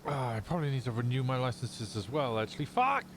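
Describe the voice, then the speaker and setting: A man's voice: medium pitch, fairly even intonation, fast, noisy background. A British man streaming a roleplay game, chatting casually in character, laughing easily and trailing off into restarts.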